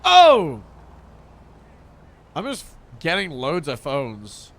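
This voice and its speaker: A man's voice: on the high side, huge pitch swings, very slow, a bit bright, a little hiss or hum. A man streaming a game, chatting casually and amused with himself. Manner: chatty, laughing, self-amused. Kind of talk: casual gameplay chat.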